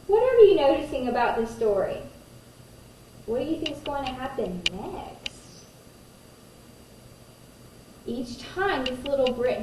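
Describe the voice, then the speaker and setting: Slow-reading kindergarten teacher, high voice. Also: female voice. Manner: gentle, pauses to ask children questions. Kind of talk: reading a picture book aloud to children. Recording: roomy echo, distant mic, faint noise.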